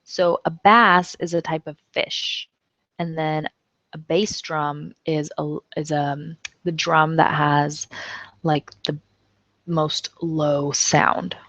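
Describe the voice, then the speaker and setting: A woman's voice: deep voice, steady tone, takes it slowly, a bit bright, no room sound. A woman teaching an English lesson in a casual way, reading example sentences aloud and explaining them. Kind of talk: online language lesson. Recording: dull, dry lo-fi recording.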